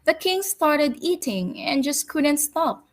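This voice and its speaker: Woman teacher reading a picture book to kids, slow and expressive, kinda high voice. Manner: expressive, deliberate. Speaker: teacher storyteller.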